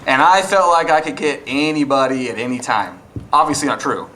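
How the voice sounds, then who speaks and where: A man's voice: mid-range voice, brisk, bright, forceful tone, rough recording. A young man doing a stand-up comedy set, acting out both sides of arguments with his wife. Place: comedy club stage. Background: audience laughter.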